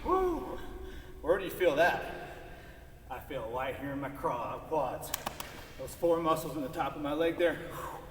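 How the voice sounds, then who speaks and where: A man's voice: a little high, normal speed. Encouraging guy coach counting out exercises, sounds far from the camera, faint hiss in the back. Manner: upbeat, counts reps aloud, encouraging. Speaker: PE teacher. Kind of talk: leading a home workout video. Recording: echoey room from far off, faint noise.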